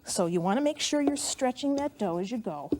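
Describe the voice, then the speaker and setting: A middle-aged woman hosts a cooking show, walking through each step in a chatty, homey way and sounding a little out of breath as she rolls dough. Her voice is fairly high with a darkish tone, lively intonation, and a fairly quick pace.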